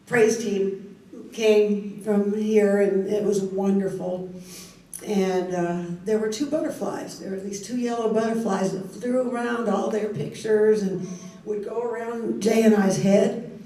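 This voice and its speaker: A woman's voice: mid-range voice, steady tone, mellow. Woman testifying in an echoey hall. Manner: heartfelt, halting with restarts. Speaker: grieving parent speaking to a church group. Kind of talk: personal testimony to an audience. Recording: echoey hall, heard from a distance.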